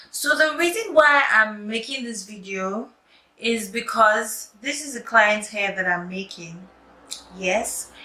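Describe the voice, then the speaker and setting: A young woman, telling a story and showing a hair fix in a chatty, lively way, sometimes dropping to quiet asides. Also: medium pitch. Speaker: wig maker vlogger. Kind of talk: casual storytelling tutorial. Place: room at home at night. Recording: echoey room, distant mic, faint noise.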